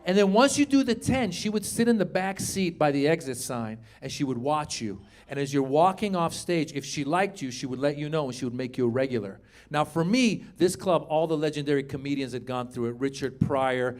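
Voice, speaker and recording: A man's voice: fairly high pitch, normal speed, hardly any pauses. A middle-aged man doing a stand-up comedy set in a club, telling a story and acting out other people's lines. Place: comedy club stage with live audience.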